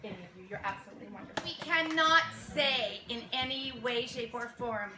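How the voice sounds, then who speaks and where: A woman whose voice is a little high talks fairly quickly to the youth theater cast she's directing, laughing warmly and acting out their parts. There's background noise, plus murmur and laughter from an audience in the echoey room.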